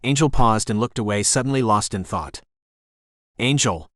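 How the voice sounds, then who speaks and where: Low-voiced male audiobook narrator. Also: a little fast, a bit bright, no echo, studio quality. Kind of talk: scripted narration.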